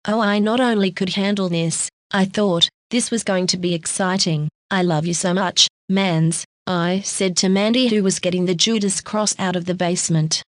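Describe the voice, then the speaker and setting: A woman narrating a first-person audiobook in a steady, even read-through. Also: mid-range voice, moderate pace, few pauses, dry recording.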